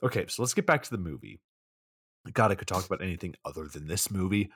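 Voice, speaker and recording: A man's voice: sits low, animated, fast talker, fairly bright tone, husky. A man co-hosting a podcast in casual chat, recapping a movie scene by scene and acting out quoted lines. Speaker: podcast co-host.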